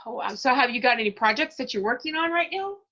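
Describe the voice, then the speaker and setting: A woman's voice: high-pitched, expressive, quick pace, pushed and bright. A woman hosting an interview show, chatty and encouraging as she asks her guest questions. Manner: chatty and encouraging, laughs easily. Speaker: podcast interviewer. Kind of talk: casual interview. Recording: dull lo-fi audio.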